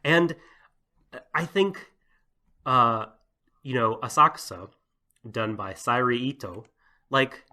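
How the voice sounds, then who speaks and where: A man's voice: mid-range voice, animated, takes it slowly, long pauses, pushed and bright. A man co-hosting a podcast, talking casually in a rambling way with lots of "like" and "you know" and frequent laughter. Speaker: podcast co-host.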